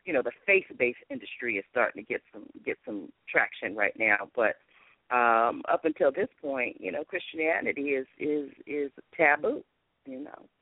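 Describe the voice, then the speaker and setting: A woman's voice: rumbling low, normal speed, no room sound. A woman from Los Angeles, a guest author and comedy writer, speaking candidly and expressively in a talk-show interview, often laughing. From Los Angeles, USA. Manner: lively, laughing, expressive, testimonial. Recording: tinny phone-line sound.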